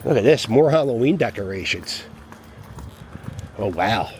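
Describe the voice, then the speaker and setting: A man's voice: lowish voice, expressive, unhurried, background noise. A man giving rambling, wry commentary to a handheld camera as he walks his dog down a city street. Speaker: vlogger walking his dog. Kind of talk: casual walking commentary.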